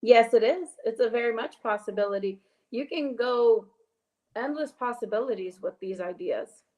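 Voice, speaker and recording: A woman's voice: on the high side, moderate pace, darkish tone. A woman who runs a gift basket business, talking earnestly and upbeat as a show guest. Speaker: small business owner, gift basket maker. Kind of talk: casual chat as guest.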